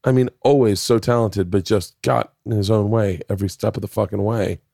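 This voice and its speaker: A man's voice: lowish voice, steady tone, brisk, gravelly, dark tone, no room sound, studio quality. A man in his forties telling a rambling story in casual chat, swearing often and restarting sentences. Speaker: podcast guest, comedian.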